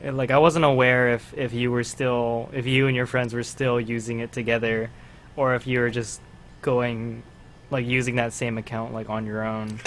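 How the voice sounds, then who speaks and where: Male co-host, casual banter, ordinary mid pitch, faint hiss in the background. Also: level tone, moderate pace, a bit bright. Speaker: podcast co-host. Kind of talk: casual chat.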